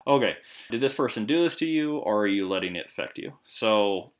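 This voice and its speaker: A man in healthcare telling stories in a casual podcast chat, chatty and animated. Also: fairly low pitch, a little fast. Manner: chatty, animated storytelling with laughs. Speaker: podcast co-host, medical professional.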